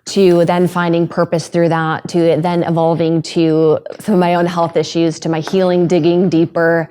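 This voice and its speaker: In a candid podcast conversation, the host, a woman, shares her own story with earnest emotion and some hesitant restarts. She has a fairly low, dark, clean-toned voice with little pitch movement, speaking at a moderate pace.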